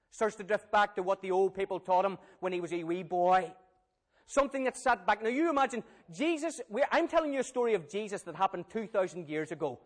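Preacher, lively storyteller, higher-pitched man. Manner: animated, questions the audience. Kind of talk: Bible storytelling sermon.

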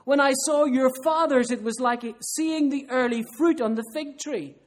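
A man's voice: very high-pitched, normal speed. A man preaching a sermon in an earnest, emphatic way. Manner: earnest, emphatic, with rhetorical questions.

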